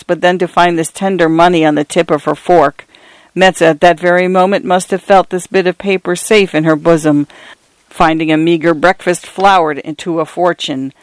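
Smooth-voiced woman reading stories. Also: fairly low pitch, dry recording. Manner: measured, literary reading. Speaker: radio reader and host. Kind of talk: scripted narration of short stories.

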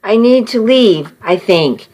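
A woman's voice: medium pitch, expressive, takes it slowly, darkish tone, rough recording. A woman reading the lines of a panicked, distraught young man who stammers frantically in an audiobook.

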